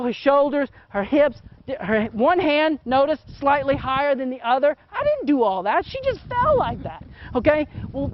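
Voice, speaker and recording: A very high-voiced middle-aged man gives a hands-on photography lesson as he works, with slight background noise in a dull, muffled recording. He keeps things casual and chatty, constantly checking in by asking "okay?".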